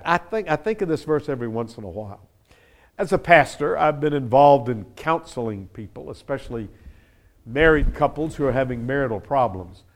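Animated, slow-preaching male pastor. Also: a little high. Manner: expository, dramatizes quoted verses with lively emphasis. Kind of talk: sermon.

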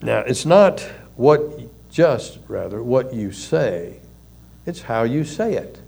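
An older man, a pastor and counselor, giving a conversational sermon with folksy stories and soft chuckles. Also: medium pitch, big pitch swings, slow, creaky, breathy edge.

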